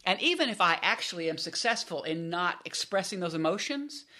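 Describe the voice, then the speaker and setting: Bright-voiced woman professor explaining. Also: fairly low pitch, lively intonation, fairly quick. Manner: explanatory, self-correcting restarts. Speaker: business school professor, guest. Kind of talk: conversational expert explanation.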